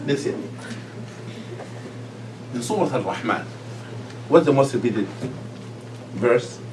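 Animated man teaching Quran recitation. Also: medium pitch, slow pace, slight background noise. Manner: animated, quizzing the class, breaks into chanted recitation. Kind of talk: lively classroom lesson.

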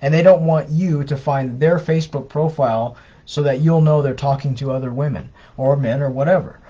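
A man with a warm, husky, medium-pitched voice co-hosts a live stream answering viewer questions. He talks at normal speed, giving advice conversationally and casually, with lots of fillers and restarts, all in dull lo-fi livestream sound.

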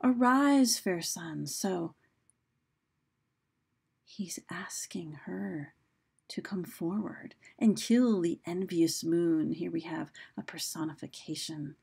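A woman's voice: fairly low pitch, steady tone, takes it slowly, gravelly, warm tone, slightly rough. A woman teacher giving a recorded lesson, explaining casually with fillers and restarts, and reading quoted lines with dramatic emphasis.

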